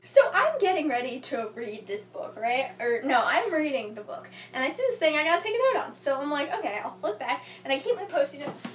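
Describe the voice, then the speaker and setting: A woman's voice: high voice, very animated, brisk, few pauses, slight background noise. A young woman reviewing a book in a casual vlog, gushing and exasperated, often talking back at the characters. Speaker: book vlogger. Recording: echoey room, mic at a distance.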